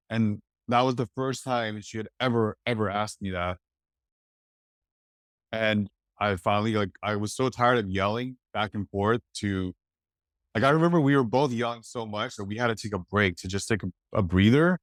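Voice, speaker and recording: A man from East Los Angeles, a podcast guest telling a personal story in a reflective, halting way full of "like". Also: on the low side, dry recording, studio quality. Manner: reflective, halting, many "like" fillers.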